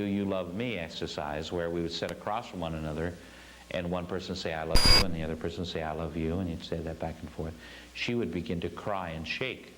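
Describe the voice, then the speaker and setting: Lowish guy preaching at a spiritual class, earnest, repeats himself for emphasis, faint hum behind. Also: low-quality recording. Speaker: spiritual teacher.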